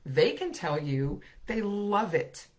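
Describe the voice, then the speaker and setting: A middle-aged woman, an autism specialist and speech therapist, giving an earnest, expressive talk to parents and often asking "right?". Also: on the low side, slow pace. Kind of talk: presentation to parents.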